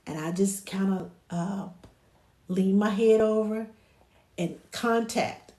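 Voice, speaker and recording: A woman talking casually as a childcare provider, giving advice on soothing babies and dropping to a hushed, soothing voice when she quotes herself talking to them. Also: mid-range voice. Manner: drops to a hushed soothing voice for baby talk. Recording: echoey room.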